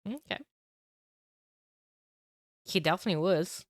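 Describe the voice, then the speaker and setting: Woman, game commentator, sick and hoarse, low-energy delivery, lowish voice, dry close mic. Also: measured pace, dry recording. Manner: low-energy, with throat-clearing and fillers. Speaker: tournament caster.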